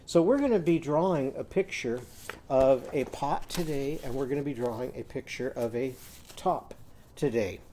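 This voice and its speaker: A man teaching a children's lesson, giving slow, patient step-by-step drawing instructions and sounding out words. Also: mid-range voice, mellow, slight background noise.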